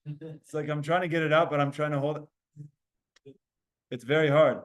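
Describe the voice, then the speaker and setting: A man leads a Talmud lesson for a room of students. His voice sits fairly high, and he explains in an animated way, sounding out letters to show his point. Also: normal speed. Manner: animated, explains with spoken demonstrations. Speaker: Torah teacher. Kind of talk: Talmud class lecture.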